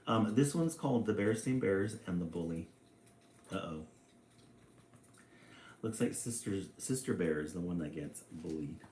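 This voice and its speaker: A man reading a children's picture book aloud, with relaxed, chatty asides between passages. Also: sits low, moderate pace, long pauses, slight background noise. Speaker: storybook reader. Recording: echoey room.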